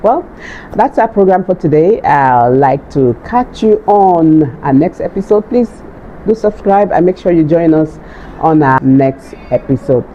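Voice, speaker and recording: A woman hosting an online course, teaching vocabulary patiently and repeating each word slowly for viewers. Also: low voice, expressive. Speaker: language and health course host. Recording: dull lo-fi sound with faint noise.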